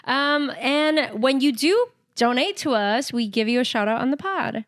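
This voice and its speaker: A woman's voice: sits high, animated, measured pace, fairly bright tone. Giggly young woman co-hosting a podcast. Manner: giggly, teasing, frequent laughter. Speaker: podcast co-host. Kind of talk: casual chat.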